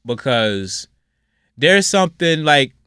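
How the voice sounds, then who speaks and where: A man hosting a casual solo podcast, talking bluntly and rambling, with his voice swinging from loud outbursts to low mutters. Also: big pitch swings, takes it slowly, clean tone, dry recording, studio quality. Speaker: podcast host.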